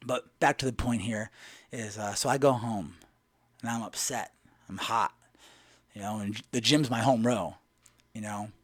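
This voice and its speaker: A man's voice: fairly low pitch, dry recording. A man telling a personal story in a blunt, emphatic and emotional way. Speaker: vlogger.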